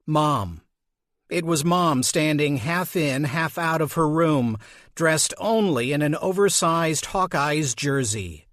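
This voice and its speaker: A male audiobook narrator reads in an unhurried, measured way. His voice sits slightly high for a man. The recording is dry, with no room sound. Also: lively intonation, a bit bright, no room sound. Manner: slow, measured reading. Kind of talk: scripted narration.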